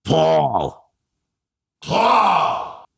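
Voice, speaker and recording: A man voicing an elderly, thrifty woman with a Brooklyn accent, drawn out and deadpan. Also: a little high, extremely slow, gravelly, voice pushed up, exaggerated voice. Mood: dry, unimpressed.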